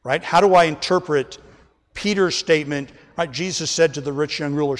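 A male pastor delivers an emphatic sermon in a slightly high voice. He keeps turning to the congregation as folks. The sound carries a long church-hall reverb. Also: normal speed. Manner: emphatic preaching, often addressing the congregation as folks. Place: church sanctuary.

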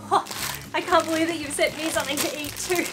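Bubbly female vlogger, high bright voice, excitable, music bed underneath. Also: fast talker. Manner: gushing, excitable, talks to her pet. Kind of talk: casual unboxing vlog.

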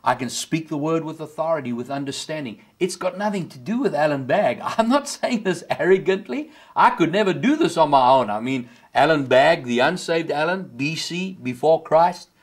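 A man's voice: animated, moderate pace, few pauses. Impassioned South African preacher man. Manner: impassioned preaching, rising high on key words. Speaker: pastor. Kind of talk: sermon.

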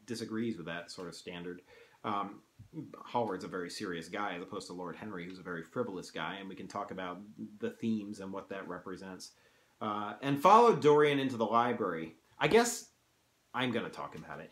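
A man's voice: on the low side, fairly bright tone. Casual man explaining a novel, roomy echo. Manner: conversational, many fillers and restarts. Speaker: teacher reading aloud with analysis. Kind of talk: casual literary analysis.

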